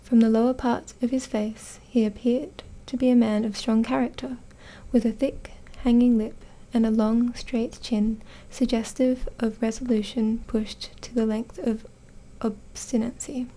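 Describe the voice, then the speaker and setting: A young Australian woman narrates a story in a soft whisper. Her tone is mellow and a little high. The reading is careful, with small stumbles. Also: little pitch movement, measured pace, hardly any pauses. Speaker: audiobook narrator in training.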